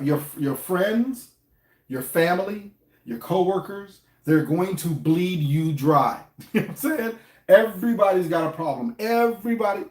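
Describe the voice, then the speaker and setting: A middle-aged man with an African American English accent talks loosely to the camera, circling back over his points and tossing questions at his viewers. His voice sits a little high for a man, and the room around him rings with echo. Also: darkish tone. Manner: conversational, repeats himself, asks viewers questions. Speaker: finance vlogger. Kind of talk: casual to-camera talk. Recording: echoey room.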